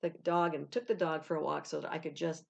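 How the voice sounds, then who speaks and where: Low gravelly lady chatting advice to camera, spiritual guide vibe, acts out little back-and-forths. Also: steady tone, fast talker, dull audio. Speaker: intuitive spiritual guide, video host. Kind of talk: casual advice talk to camera.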